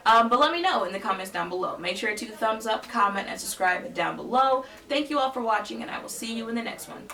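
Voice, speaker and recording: A woman's voice: on the high side, expressive, fast talker, creaky, hardly any pauses, pushed and bright, far from the mic. A young woman vlogger telling a story in a blunt, emphatic, sassy way. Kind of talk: casual storytelling.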